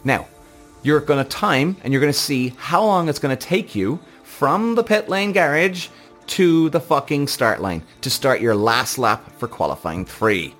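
A man's voice: mid-range voice, expressive, unhurried, fairly bright tone, faint music behind. Fired-up man ranting, voice leaping around. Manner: heated, profane, exasperated ranting. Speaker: F1 reaction show host. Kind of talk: ranting commentary vlog.

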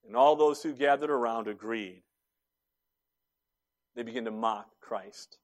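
A man preaching a sermon, retelling events dramatically and voicing each character, moving between loud emphasis and hushed lines. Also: medium pitch, normal speed. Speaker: pastor.

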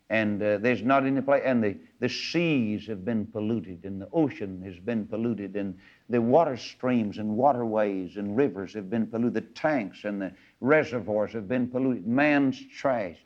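A man preaching a sermon, folksy, asking rhetorical questions and rising into sudden high emphatic bursts. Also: darkish tone. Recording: muffled lo-fi sermon recording.

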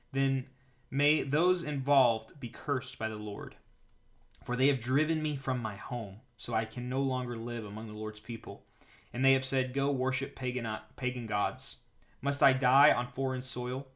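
A man's voice: medium pitch, a bit bright, lightly acted. A man reading the part of a bold young male warrior, earnest and declaiming in a slightly raised voice.

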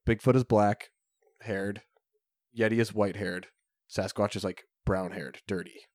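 A man's voice: on the low side, fairly even intonation, a little slow, darkish tone, no room sound, studio quality. A man co-hosting a podcast, chatting casually, rambling with many fillers and restarts. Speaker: podcast co-host. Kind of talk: casual chat.

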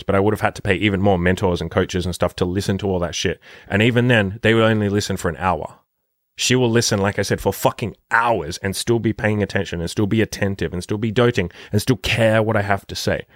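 A man's voice: deep voice, dry recording, clean studio sound. A man who works as a dating coach, talking casually and emphatically on his podcast with a lot of swearing. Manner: profane, emphatic, rapid-fire.

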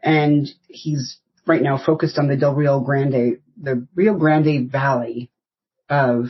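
A woman's voice: very deep voice, little pitch movement, takes it slowly, slightly rough, lo-fi sound. A woman in her fifties from the United States, a podcast guest telling rambling, anecdotal stories in casual interview chat. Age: 50s.

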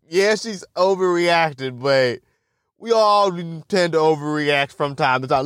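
A young man's voice sits on the high side, animated, a little slow, a bit bright and smooth, recorded dry in a clean studio. Hosting a solo podcast, he tells loose, profane, rambling stories and laughs often.

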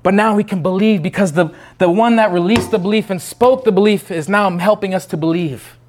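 High-voiced fervent male preacher. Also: fairly quick, slight background noise. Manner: fervent, with many restarts and swings from loud to hushed. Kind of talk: impassioned sermon.

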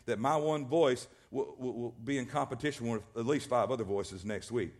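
A man's voice: mid-range voice, moderate pace, vocal fry, a little mellow. A male pastor preaching a sermon, emphatic and repetitive, often restarting his words. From American South.

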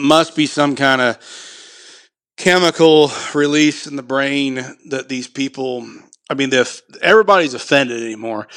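A man speaks on a podcast in a blunt, profane, rambling way, leaning on "you know" as he goes. His pitch sits in an ordinary middle range. The recording is close and dry, with no room sound. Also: fairly bright tone, dry recording. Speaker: podcast guest, clay shoot organizer. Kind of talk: casual podcast conversation.

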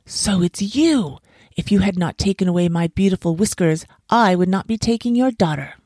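A grumpy male monkey from a storybook yells his complaints in a voice pushed up above the reader's own low register, as a woman narrator puts him on. He sounds indignant and short-tempered. The recording is close and dry. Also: lively intonation, moderate pace, dry recording, natural voice. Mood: angry. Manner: yelling, indignant. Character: surly greedy male monkey, quick-tempered.

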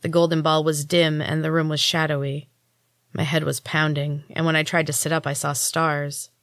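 A woman narrating a story in the first person, in an even, measured reading as a podcast host. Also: low-pitched, no echo, clean studio sound.

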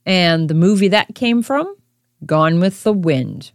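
A woman hosting a casual quiz podcast, with a lowish voice that swings through a very lively range. She chats straight to the listener in a dry, close recording with faint music underneath. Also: slow pace, no echo. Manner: chatty, talks straight to the listener. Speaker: podcast host.

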